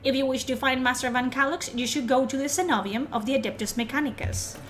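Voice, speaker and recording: A woman's voice: high voice, steady tone, quick pace, a bit bright, a little hiss or hum. Stern proud governor, as a woman reads him.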